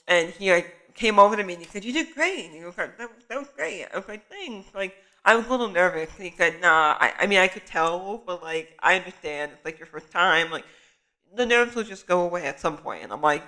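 Over a rough recording, a young man whose voice sits high recounts a story to camera as a student photographer. The telling is casual and lively, heavy on "like" fillers.

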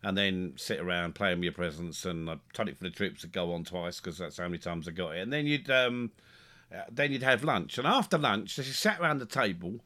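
A man telling a funny family story in a casual podcast chat, animated and chuckling, stumbling over his words as he gets excited. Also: low-pitched, brisk. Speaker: podcast co-host.

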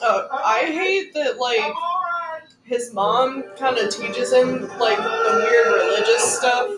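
A woman with a mid-pitched voice makes quick, blunt, profane remarks in a casual hangout. Her voice rings in an echoey room, with loud TV music playing over the talk. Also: sing-song. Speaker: podcast co-host. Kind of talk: casual chat.

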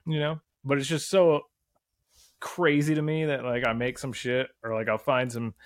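A young man talking loosely on a podcast, swearing freely and circling back on his thoughts. His voice sits at an ordinary pitch and sounds close and dry, with little room in it. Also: level tone, normal speed, dry recording. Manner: profane, rambling, laid-back. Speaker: podcast guest. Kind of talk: casual chat.

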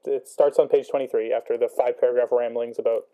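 A man's voice: mid-range voice, little pitch movement, fast talker, warm tone. A young man talking through a book chapter casually, thinking aloud with many ums and rhetorical questions. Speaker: student discussing a book.

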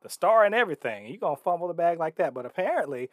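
A man co-hosting a casual chat, joking and excitable, swearing freely. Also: a little high, quick pace, dry recording, clean studio sound. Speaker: podcast co-host.

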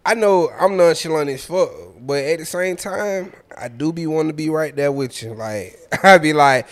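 A man's voice: on the high side, normal speed. A man co-hosting a casual group podcast, loose and profane, often laughing. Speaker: podcast co-host.

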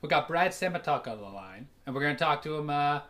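Man, comedy podcast co-host, bright tense voice, a bit higher pitched, rambling chat. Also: lively intonation, quick pace. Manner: rambling, giggly, lots of fillers.

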